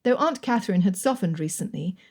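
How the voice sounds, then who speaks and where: A woman narrating a romance audiobook in a measured, even storytelling manner. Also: medium pitch, slightly rough. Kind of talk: scripted narration.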